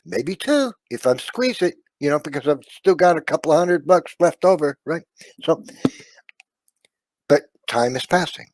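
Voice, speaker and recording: A man telling an emotional personal testimony, earnest and confiding, often trailing off softly and checking in with his listener. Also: medium pitch, no room sound. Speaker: storyteller sharing a personal testimony.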